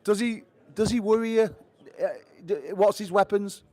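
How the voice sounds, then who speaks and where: Brash guy hosting a fight press conference, high voice, swears a lot, jokey. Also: little pitch movement, moderate pace, warm tone. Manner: brash, joking, swears freely. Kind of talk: hype introductions and banter.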